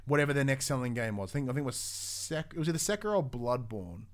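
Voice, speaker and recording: A young adult man, co-hosting a casual gaming news podcast in an animated, swearing, restart-filled way. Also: mid-range voice, quick pace. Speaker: podcast co-host.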